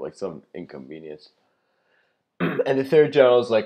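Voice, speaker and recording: A man giving a spoken lecture, telling a long story in a loose way, with many fillers and throat clearing. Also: lowish voice, expressive, fairly quick, darkish tone. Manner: loose, full of "you know" fillers, frequent throat clearing.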